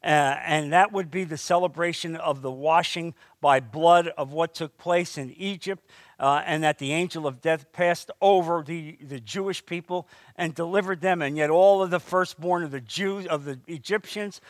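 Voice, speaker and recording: A man delivers a sermon with a fairly high voice and lively, animated preaching. His delivery swings up into emphatic bursts and drops back down. The sound is dry, with little room around it. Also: moderate pace, no room sound. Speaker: pastor.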